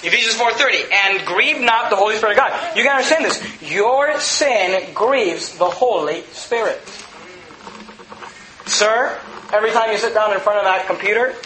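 A man's voice: high-pitched, normal speed, echoey room, a crowd in the background, low-quality recording. A man preaching a sermon as pastor of his church, impassioned and repeating phrases as he builds his points.

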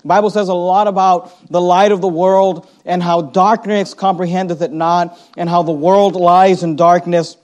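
A man preaching a sermon as pastor, reading scripture aloud and slowing down to stress key words. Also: sits high, flat delivery, a little mellow. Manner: reads scripture aloud, slows down for emphasis.

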